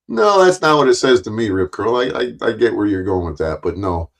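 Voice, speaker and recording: A man with a fairly low voice rants on a livestream. He swears nonstop and turns sarcastic and mocking. He keeps hammering his points by repeating them. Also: expressive, normal speed. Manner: angry, sarcastic, swears constantly. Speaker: livestream host. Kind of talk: profane livestream rant.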